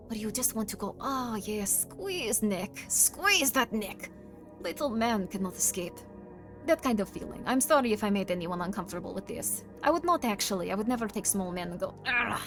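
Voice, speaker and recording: A woman streamer putting on a stern voice with a thick mock German-Russian accent, dropping articles and speaking in a flat, deadpan way as she chats with her viewers. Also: mid-range voice, close to an everyday voice. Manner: drops articles, slow, deadpan menace played for laughs. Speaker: streamer reading chat. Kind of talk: live stream chat.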